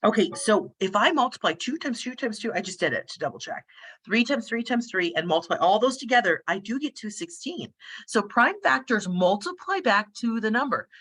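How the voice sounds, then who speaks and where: A woman math instructor working problems aloud in a casual, sleepy lecture, thinking out loud as she goes. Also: medium pitch. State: sleepy, yawning.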